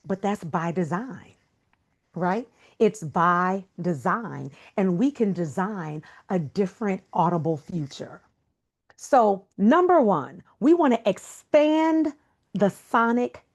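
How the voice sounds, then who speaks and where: Woman, guest speaker, unhurried delivery, emphatic, rhetorical questions, motivational talk. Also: mid-range voice. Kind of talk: motivational talk on a video call.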